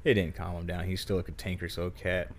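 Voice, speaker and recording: Low-voiced, crude joking man. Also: level tone, fast talker. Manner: crude, joking, swears often. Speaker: podcast co-host. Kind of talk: casual chat.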